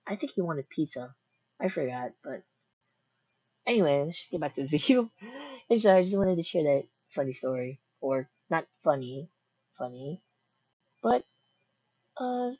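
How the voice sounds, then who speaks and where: A woman's voice: fairly low pitch, big pitch swings, normal speed, pauses often, mellow, breathy edge, dry recording, highs cut off. A woman chatting casually while she reacts to a scary video, rambling and cracking jokes with many restarts. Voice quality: rambling, jokey, self-interrupting.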